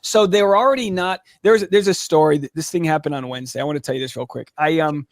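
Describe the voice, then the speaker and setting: A man, a comedian and podcaster, telling stories animatedly in a casual interview, with quick restarts and asides. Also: fairly high pitch, no echo, studio quality.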